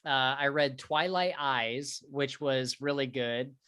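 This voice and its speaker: A man co-hosting a podcast chats eagerly about books, filling his sentences with casual fillers. His voice sits at an ordinary middle pitch. The recording is close and dry, with no room sound. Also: slow, bright, forceful tone, smooth, no room sound. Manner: chatty, enthusiastic, many fillers. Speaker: podcast co-host. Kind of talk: casual book chat.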